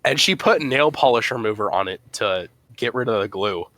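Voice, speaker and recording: A young man co-hosting a podcast, telling a crude story in animated casual chat. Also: lowish voice, normal speed, dry recording. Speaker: podcast co-host.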